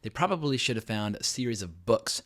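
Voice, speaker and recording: A man's voice: on the low side, very animated, a little fast. A middle-aged man hosting his own film review channel, giving a blunt, emphatic and sarcastic verdict on a new show. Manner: sarcastic asides. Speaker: film critic, channel host. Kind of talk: opinionated video review.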